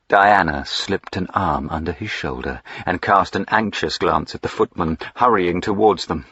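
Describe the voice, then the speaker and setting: A man reads a historical novel aloud in a measured, even way. His voice is deep and husky and unhurried. The recording is dry and slightly muffled. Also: dry recording. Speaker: audiobook narrator. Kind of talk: scripted narration of a historical novel.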